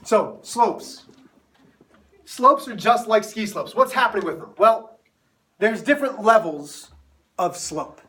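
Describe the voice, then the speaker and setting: A man's voice: sits high, animated, slow, pauses often, pushed and bright, recorded from a distance. A male math teacher telling a self-mocking story to his class before moving into the lesson.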